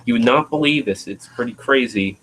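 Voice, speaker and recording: A man's voice: medium pitch, a little fast, a bit bright, slight background noise, low-quality recording. A man hosting a casual livestream chat, rambling and trailing off as he searches for words. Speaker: livestream host.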